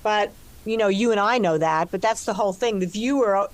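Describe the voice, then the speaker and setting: An older woman in a relaxed interview, talking about making her film, full of restarts and "you know"s. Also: mid-range voice, brisk. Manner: expansive, restarts often, many "you know"s. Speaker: actress and co-writer discussing her film. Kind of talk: conversational interview.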